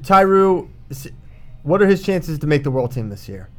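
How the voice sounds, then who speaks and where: A man with a fairly high voice co-hosts a casual sports chat. His pitch moves a lot, and he chats freely and apologizes quickly when he is teased. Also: sing-song, fairly bright tone, soft background music. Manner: chatty, self-deprecating. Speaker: co-host.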